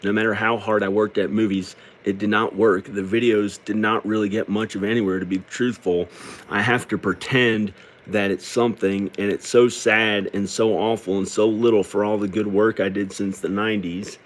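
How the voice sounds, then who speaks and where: A middle-aged man speaking in a downcast, halting, rambling way, tearful as he talks through a personal confessional monologue. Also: lowish voice, flat delivery. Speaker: video creator.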